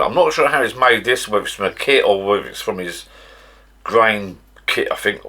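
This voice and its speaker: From his garden bar shed, a middle-aged man from the UK records a chatty, rambling home vlog with frequent restarts. His lowish voice is animated, bright, and forceful, moving at normal speed.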